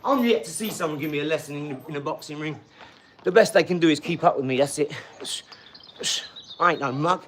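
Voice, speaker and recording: A man, ranting on a live stream, loud, mocking and swaggering, full of street slang. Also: fairly high pitch, a little fast, noisy background. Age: 40s. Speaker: livestream host. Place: garage.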